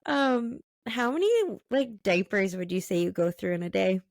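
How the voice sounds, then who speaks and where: A woman in her thirties hosts the conversation, mixing easy agreement, light laughs and questions. Her voice has a noticeably gravelly, fry-laced edge. The sound is close and dry. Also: medium pitch, animated, moderate pace, no echo. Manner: warm agreeing interjections, laughs often, asks questions. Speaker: podcast host. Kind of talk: casual interview chat.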